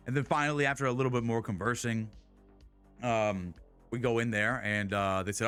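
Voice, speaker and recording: A man's voice: medium pitch, moderate pace, a bit bright, smooth, soft background music. A young man streaming live and telling a story in casual, rambling chat. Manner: rambling, many restarts and laughs.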